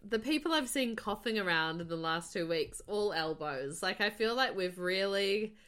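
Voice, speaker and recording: A woman's voice: mid-range voice, lively intonation, moderate pace, fairly bright tone. Female podcast co-host, laid-back and giggly, swears casually. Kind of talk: casual chat.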